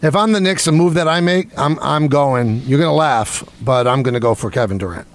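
A man's voice: mid-range voice, fairly quick. A man hosting sports talk radio, opinionated and taking calls from listeners. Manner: opinionated, takes callers.

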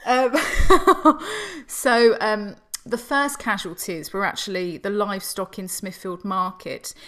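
A woman co-hosting a podcast who tells a grim history story in a relaxed, chatty way. She breaks into giggles often and keeps picking the thread back up. Her voice sits at an ordinary middle pitch. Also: slow pace. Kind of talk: casual chat, telling a history story.

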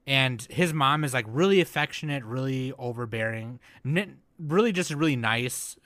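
A man co-hosting a casual anime review chat, excitable and swearing often as he mocks shows. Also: medium pitch, normal speed, no room sound. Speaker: podcast co-host.

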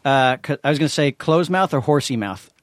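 A man's voice: medium pitch, lively intonation, fairly quick, no room sound. A man co-hosting a podcast, teasing and playful in a casual studio chat. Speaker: podcast co-host.

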